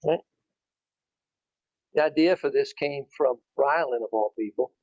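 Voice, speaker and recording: A man's voice: mid-range voice, measured pace, a little mellow, dry recording, dull audio. A man giving an informal talk to a club, speaking conversationally and restarting his phrases as he goes. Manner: conversational, repeats and restarts, rising emphasis.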